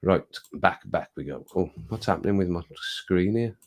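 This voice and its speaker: Chatty low-voiced man livestreaming. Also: normal speed, darkish tone. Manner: chatty, laughs often, baby-talks to his cat. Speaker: livestream host. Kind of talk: casual live chat, reading comments. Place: home.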